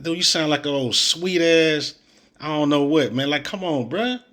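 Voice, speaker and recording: Blunt, bright-voiced sports ranter. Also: male voice, fairly high pitch, moderate pace. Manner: blunt, exasperated, slangy, mocking. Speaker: sports commentator reacting to clips. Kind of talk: opinionated reaction commentary.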